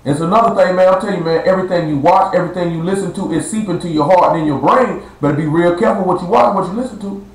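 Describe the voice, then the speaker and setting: Speaking rapid-fire in a high voice, a man delivers a blunt, slangy street-style sermon to a small gathering streamed live. He stretches words out for emphasis, and the room sounds echoey.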